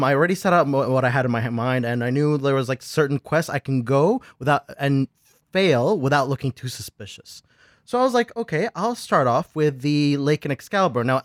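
A man recounting a board game session in lively, animated storytelling, laughing as he goes and acting out what everyone said. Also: medium pitch, dry recording, clean studio sound. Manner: lively, laughs while telling, acts out his own quotes. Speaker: podcast guest host.

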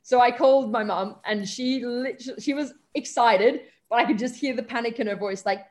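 A woman's voice: a little high, brisk. A young Australian woman telling a story as an interview guest, chatty, acting out the voices of the people she quotes. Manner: lively anecdotes, acts out quoted voices, frequent "um" and "like". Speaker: interview guest, stage performer. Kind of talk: casual storytelling.

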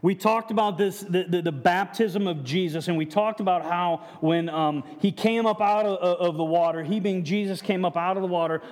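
A man's voice: high-pitched, darkish tone. Guy preaching in a church, lots of stop-start and asking the crowd questions, big echoey hall. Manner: frequent restarts, rhetorical questions to the congregation. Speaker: pastor. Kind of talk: conversational sermon. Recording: long hall reverb.

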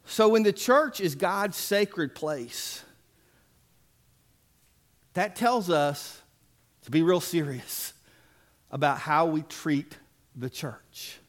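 A man's voice: a little high, drawn-out words, long pauses. A man preaching a sermon as pastor, folksy and emphatic with playful asides.

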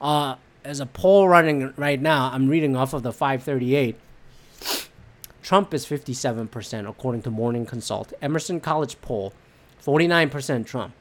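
A woman's voice: extremely low pitch, normal speed. A woman hosting a solo podcast, ranting about politics bluntly and profanely, rambling with lots of fillers and restarts. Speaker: podcast host. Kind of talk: solo political commentary rant.

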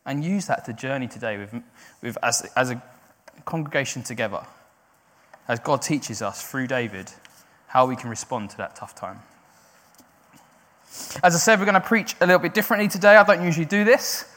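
A man preaching a sermon to a congregation. He swings between loud, raised cries and quiet, conversational explaining. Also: mid-range voice, normal speed, pauses often. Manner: builds to loud cries when quoting, then drops quiet and conversational. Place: church hall. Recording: long hall reverb.

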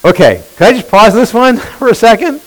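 Animated, high-voiced male preacher. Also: a little fast, rough recording. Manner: animated, questioning the congregation, emphatic. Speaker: pastor. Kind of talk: sermon.

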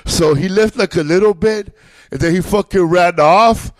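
A man's voice: high-pitched, moderate pace. A man, a comedian guest, telling a rambling, profane story with bursts of laughter in a casual chat.

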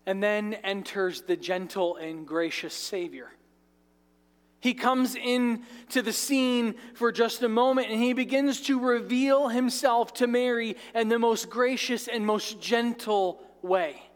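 Man, high voice, slow measured sermon, long church-hall reverb. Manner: conversational preacher, drops into asides and light jokes. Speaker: pastor. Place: church sanctuary.

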